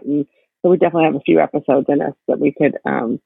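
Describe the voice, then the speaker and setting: A woman's voice: sits low, fairly even intonation, rapid-fire, gravelly, husky, no room sound. A woman guesting on a podcast over a call, chatting casually and easily. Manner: chatty, laughing. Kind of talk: casual conversation. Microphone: remote call. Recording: tinny phone line call.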